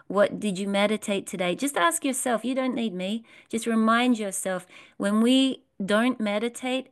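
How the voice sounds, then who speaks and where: A woman leads a spiritual workshop, talking straight to the people in the room. She is earnest and repeats her phrases, asking questions of her listeners. Her voice sits at a middling pitch. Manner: earnest, repetitive, asks the audience questions. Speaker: workshop leader. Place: workshop room with a live audience.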